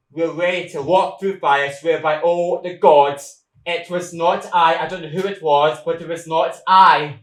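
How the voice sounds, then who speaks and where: A man acts out a jittery sentry in a stage play, stumbling over his words with ums and false starts as he dreads his report. His voice is a touch high for a man and rings out in a roomy, echoey space. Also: a bit bright, natural voice. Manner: hesitant, stammering, full of ums and restarts. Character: nervous rambling male sentry bringing bad news. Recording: echoey room.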